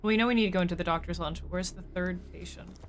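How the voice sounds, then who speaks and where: A woman's voice: on the low side, quick pace, a little hiss or hum. A woman streamer giving casual live commentary as she plays a game, chatty and joking as she thinks aloud.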